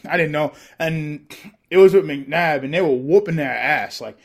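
A man as a podcast guest in casual chat, excitable and laughing often, calling the host bro. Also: on the high side, normal speed.

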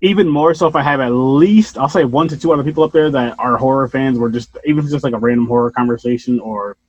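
A man hosting a podcast, chatting casually and rambling with animated bursts and casual swearing. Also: medium pitch, fast talker, lo-fi sound. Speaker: podcast host.

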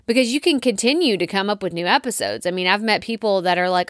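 Woman, Texas accent, solo podcast host, encouraging and conversational, middle pitch, dry studio sound. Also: quick pace, hardly any pauses, a bit bright, dry recording. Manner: chatty and encouraging, acts out listeners' doubts. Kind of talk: solo podcast coaching talk.

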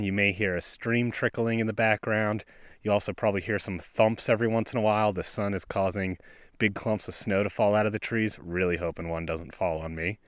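A man's voice: lowish voice, no room sound. Laid-back West Virginian man outdoors. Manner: laid-back, self-deprecating. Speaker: podcast host. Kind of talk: casual outdoor podcast talk. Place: snowy forest outdoors by a stream.

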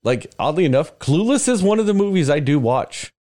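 A man's voice: on the high side, fairly quick. A man co-hosting a podcast, talking casually and profanely, mocking himself about the films he loves. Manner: profane, self-mocking, animated. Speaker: podcast co-host. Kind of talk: casual chat.

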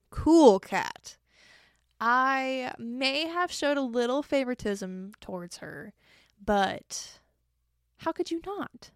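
A woman's voice: a little high, smooth, no room sound, studio quality. A young woman hosting her own podcast, chatting casually and joking at her own expense, tired from an early start. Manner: chatty and self-deprecating, joking asides. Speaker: podcast host. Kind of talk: casual solo podcast chat.

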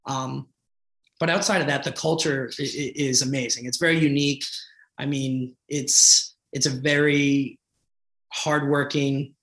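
A man's voice: medium pitch, flat delivery, measured pace, a bit bright, roomy sound. A man from the Boston area who is running for office, talking earnestly and passionately in an interview, often restarting his sentences. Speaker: political candidate. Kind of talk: conversational interview.

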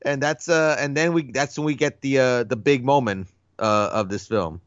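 A laid-back man co-hosts a film podcast, talking in a slangy way with frequent laughs. His mid-pitched voice comes through a dry, slightly muffled, lo-fi recording. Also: normal speed, no echo. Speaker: podcast co-host. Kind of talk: casual film chat. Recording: dry, dull lo-fi sound.

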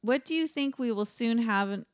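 A woman's voice: on the high side, expressive, moderate pace, no echo, studio quality, voice pushed up, natural voice. A woman reading the part of a chatty, giggly HR interviewer in a comedy sketch read aloud. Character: chatty female HR interviewer, eager.

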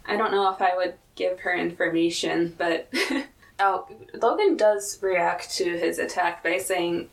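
A woman's voice: fairly low pitch, unhurried, gravelly, recorded from a distance, low-quality recording. A woman co-hosting a casual podcast, recapping a TV episode in a chatty way and laughing often. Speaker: podcast co-host.

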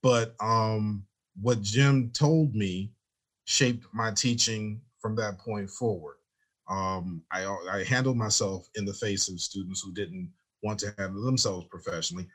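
A man who works as a teacher, telling stories in a relaxed interview and acting out the dialogue he quotes. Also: on the low side, measured pace, breathy edge. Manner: animated storyteller, acts out quoted dialogue. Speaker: teacher, guest. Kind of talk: storytelling in a conversational interview.

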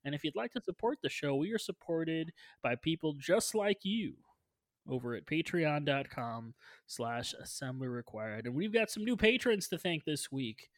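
Guy hosting a movie podcast, kinda high voice, dry close sound, jokey. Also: animated, normal speed, no echo. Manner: upbeat, jokey, reads show plugs. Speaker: podcast host. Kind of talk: casual podcast chat.

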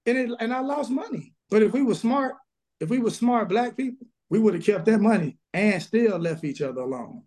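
Man, Southern pastor, high-pitched, emphatic and blunt, remote interview. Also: animated, brisk, darkish tone. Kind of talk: casual interview, preaching energy. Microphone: video call.

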